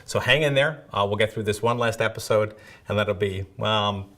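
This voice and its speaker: A man's voice: fairly low pitch, normal speed, sharp tone. A man presenting a security awareness video episode in a conversational, self-deprecating way, often checking in with "right?".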